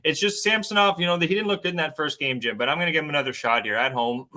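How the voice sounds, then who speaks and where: Guest, male, Canadian accent: excitable, rambling, lots of fillers, bright and forceful voice. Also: a little high, fast talker. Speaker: sports betting show guest. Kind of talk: sports betting talk show.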